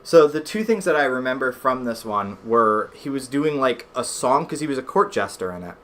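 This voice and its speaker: A man's voice: medium pitch, big pitch swings, moderate pace, a bit bright, a little hiss or hum. A man hosting a let's play, chatting casually and rambling with lots of fillers and swearing. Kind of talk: casual gameplay commentary.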